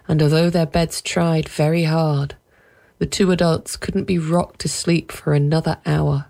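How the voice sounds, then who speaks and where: A woman reading a story aloud in even, measured narration. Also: deep voice, gravelly.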